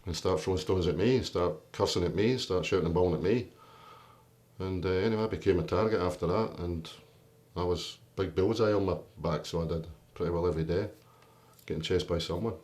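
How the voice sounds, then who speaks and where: Deep-voiced man telling his story. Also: a little fast, a little mellow. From Britain. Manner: candid, plain-spoken, with restarts. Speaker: documentary interviewee. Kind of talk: personal storytelling.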